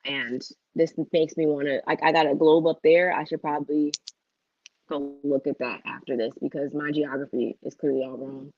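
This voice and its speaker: A woman co-hosting a casual livestream chat, rambling and thinking aloud with many pauses. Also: sits low, fairly even intonation, dry recording, muffled recording. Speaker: co-host.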